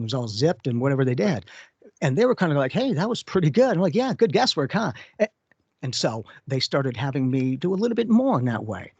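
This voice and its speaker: A man's voice: mid-range voice, a little mellow, breathy edge, dry recording. A man co-hosting a radio talk show as a psychic medium, telling stories in a casual way and acting out the voices he quotes. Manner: storytelling, acts out quoted voices. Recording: dull lo-fi radio audio.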